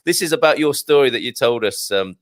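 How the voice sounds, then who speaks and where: A man's voice: mid-range voice, lively intonation, dry recording. Guy hosting a live stream, reads out comments, stops and starts a lot, dry close sound. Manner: chatty, halting, with many restarts. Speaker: host. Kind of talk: live-stream chat reading viewer comments.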